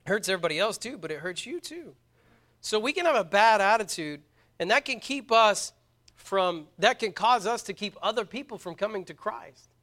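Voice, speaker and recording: A man preaches a sermon in a high voice. His tone is bright and ringing. He speaks earnestly, hammering points home with repetition. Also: lively intonation, moderate pace. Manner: earnest, emphatic, repeats words when stressing points. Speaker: pastor.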